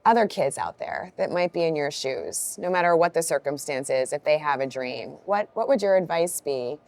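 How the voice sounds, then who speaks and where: Low-voiced woman interviewer. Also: moderate pace, a little mellow. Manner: encouraging, short affirmations. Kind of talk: interview questions.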